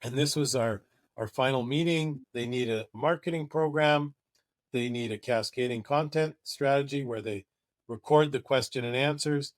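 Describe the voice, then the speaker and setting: A man's voice: medium pitch, moderate pace, dry recording, clean studio sound. A man presenting a marketing webinar, talking in an enthusiastic, conversational way.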